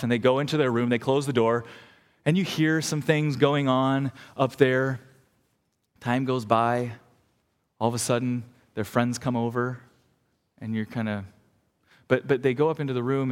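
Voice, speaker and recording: A man's voice: mid-range voice, big-room sound. A man pastor preaching a sermon, earnest and storytelling, building intensity as he presses his point in a church.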